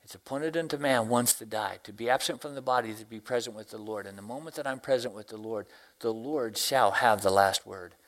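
With a voice on the low side, a Tennessee deacon and Sunday school teacher delivers a sermon, stretching out each scripture quote slowly. He swings between quiet passages and loud exclamations.

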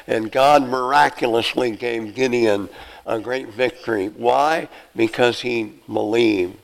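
A man's voice: medium pitch, slow, creaky, rough recording. Earnest male preacher reading scripture. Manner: reads scripture aloud, earnest and conversational. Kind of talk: sermon.

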